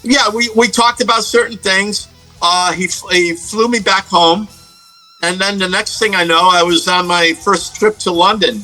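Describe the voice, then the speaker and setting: A man's voice: high-pitched, steady tone, normal speed, sharp tone, soft background music, rough recording. A middle-aged man from the United States, a guest guitarist telling stories in a casual interview, rambling with many fillers and restarts.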